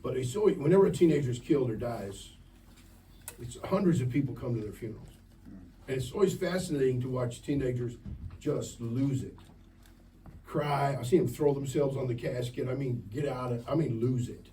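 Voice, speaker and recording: A man with a mellow, mid-range voice speaks at normal speed, preaching to teenagers at a church camp meeting. Direct and playful, he throws question after question at the crowd. The recording is distant, with faint ambient noise.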